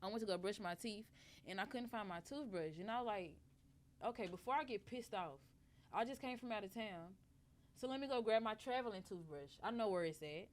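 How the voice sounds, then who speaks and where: Animated woman telling a story. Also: medium pitch, a little fast. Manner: animated, profane, acts out quoted lines. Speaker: podcast guest. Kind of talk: casual storytelling.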